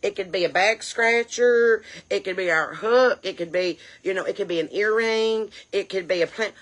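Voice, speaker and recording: A woman's voice: medium pitch, moderate pace, natural voice. A woman playing a brash, indignant chain-smoking mom, scolding and firing off rhetorical questions. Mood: indignant rant. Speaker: comedy character creator. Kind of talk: character comedy rant.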